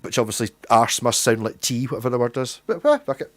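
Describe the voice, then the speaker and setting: A man's voice: mid-range voice, expressive, fast talker, fairly bright tone. A young Scottish man with a Glaswegian accent, chatting casually and rambling on a livestream, swearing freely. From Scotland. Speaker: livestream host.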